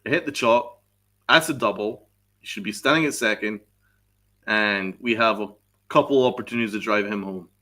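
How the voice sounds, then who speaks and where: In a lowish, bright, forceful voice at normal speed, a live sports podcast host rants angrily, cursing heavily and responding to chat messages he reads aloud during the stream.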